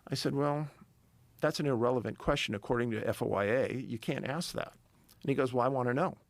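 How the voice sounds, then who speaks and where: Middle-aged guy with a gravelly voice, emphatic storyteller, dry close sound. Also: mid-range voice, fairly quick, no echo. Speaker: podcast guest, missing-persons researcher. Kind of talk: casual storytelling interview.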